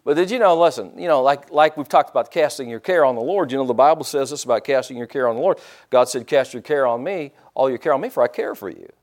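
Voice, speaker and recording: A man's voice: mid-range voice, fast talker, a little mellow. A middle-aged man preaching a sermon in a church, folksy and joking, with frequent amens and hallelujahs. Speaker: pastor.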